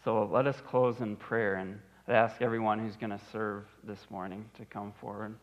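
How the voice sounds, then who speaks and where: Man, pastor, sermon, earnest, repeats phrases, lowish voice, muffled lo-fi sound. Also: level tone, normal speed.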